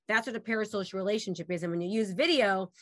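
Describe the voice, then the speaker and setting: A woman hosts a casual interview over a video call, bubbly and full of praise for her guest. Her voice is bright and sharp. The sound is dry and close, with no room echo. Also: mid-range voice, quick pace. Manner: enthusiastic, effusive. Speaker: host.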